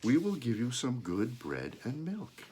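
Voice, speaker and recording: A man reading aloud, voicing a lively, chatty little girl. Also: medium pitch, measured pace, slightly rough, full character voice. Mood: excited.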